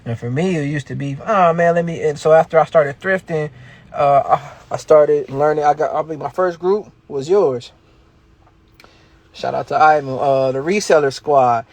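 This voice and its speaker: A man talks loosely on a livestream, full of street slang and hype as he coaches his viewers. His voice sits a little high for a man, and he laughs now and then between points. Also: normal speed, a little mellow, no echo. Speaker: livestream host, reselling coach. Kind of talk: casual livestream talk.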